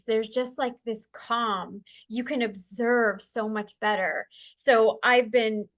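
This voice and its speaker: A woman telling a personal spiritual story in a casual, animated way. She laughs often, then slows and softens when she speaks of calm. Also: a little high. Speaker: guest sharing a spiritual experience.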